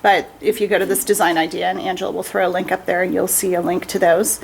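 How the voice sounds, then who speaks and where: A woman's voice: fairly low pitch, little pitch movement, quick pace, creaky, slight background noise, rough recording. A woman who owns a craft shop, hosting a casual livestream demonstration in a chatty, upbeat way and laughing often.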